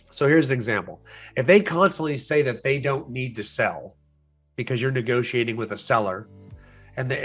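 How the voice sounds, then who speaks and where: A man giving an instructional talk on sales and negotiation, animated, acting out the voices he quotes and chuckling now and then. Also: medium pitch.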